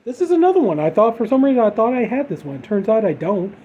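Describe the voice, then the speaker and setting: A man rambles casually through his latest horror disc haul, leaning on fillers as he goes. His voice sits a little high but sounds very dark and mellow. The audio is dull and lo-fi, with a faint hiss behind it. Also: quick pace, breathy edge. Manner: rambling, filler-heavy, relaxed. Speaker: horror collector showing a haul. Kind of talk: casual unboxing chat.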